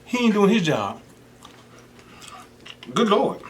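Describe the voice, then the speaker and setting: Animated man chatting while he eats. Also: high-pitched, takes it slowly, a little hiss or hum. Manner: animated storytelling, mimics voices of people he quotes. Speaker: mukbang host. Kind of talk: casual chat while eating.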